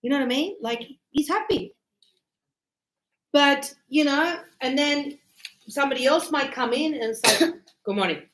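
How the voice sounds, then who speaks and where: Middle-aged lady teacher, high voice, acts stuff out, roomy classroom sound. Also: unhurried, pauses often. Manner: animated, acts out little scenes with voices. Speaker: English teacher. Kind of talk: classroom grammar lesson.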